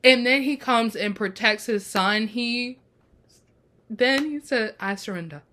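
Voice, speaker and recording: A woman hosting a casual TV episode review, talking in an animated, expressive way and laughing easily. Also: on the high side, takes it slowly. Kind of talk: casual chat.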